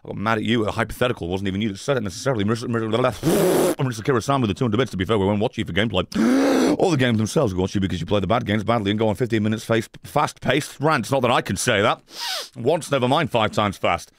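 A British man hosting a live gameplay stream, ranting at chat with swearing and sudden shouted outbursts. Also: on the low side, quick pace, dry recording, studio quality. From Britain. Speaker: streamer host.

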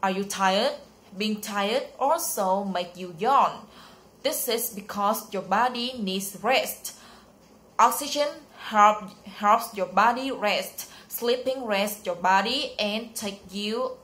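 A woman reading aloud the lines of a patient schoolteacher in a children's story, explaining things slowly and carefully, with the odd slip. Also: medium pitch, fairly bright tone. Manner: slow, careful read-aloud delivery with small slips. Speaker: teacher.

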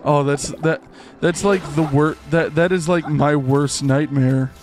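A young man giving goofy, excitable live commentary while playing a game, rambling with many fillers. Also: a little high, a little slow. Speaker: streamer. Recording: faint game music behind.

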